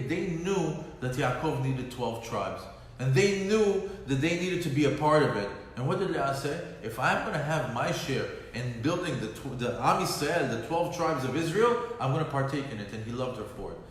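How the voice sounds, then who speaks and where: A man teaching a lunch-and-learn Torah class. He explains verses in casual English and mixes in Hebrew quotes. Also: a little high. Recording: echoey hall, faint background noise.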